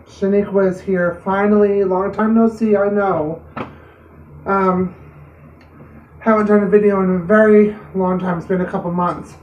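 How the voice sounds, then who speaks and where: A woman's voice: medium pitch, fairly even intonation, measured pace, dull audio, a little hiss or hum. A woman vlogger telling a personal story to camera in an earnest, plain-spoken way. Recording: roomy, distant mic.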